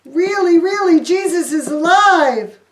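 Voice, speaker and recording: A woman voicing a group of excitable, frantic disciples in a squealing, pleading voice, recorded from a distance in an echoey room. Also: very high voice, measured pace, pitched above the performer's own voice.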